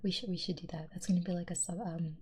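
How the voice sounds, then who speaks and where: A young woman streamer reading chat aloud in a soft, giggly whisper, in a whispered role-play style. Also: lowish voice, steady tone, fast, a little hiss or hum.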